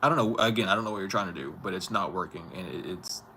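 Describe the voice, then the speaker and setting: Guy with a lowish voice ranting casually outside, chuckling, kinda incredulous, traffic noise behind him. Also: fast, pushed and bright. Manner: incredulous, chuckling, talks back to an unheard other. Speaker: vlogger. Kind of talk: casual spoken monologue. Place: outdoors on a street.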